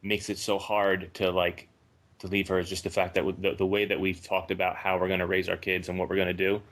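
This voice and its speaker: A very deep, flat-voiced man in his thirties calls in to a talk show. He sounds anxious and gropes for words, with many fillers and restarts. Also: a little fast. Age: 30s. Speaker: caller. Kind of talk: halting phone conversation.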